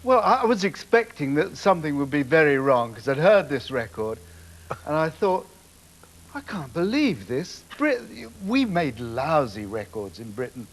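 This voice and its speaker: An older man, a TV producer, telling lively anecdotes on a talk show, acting out voices and laughing often. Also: fairly high pitch, normal speed. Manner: animated storyteller, acts out voices, laughs often. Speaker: TV producer, guest. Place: TV studio.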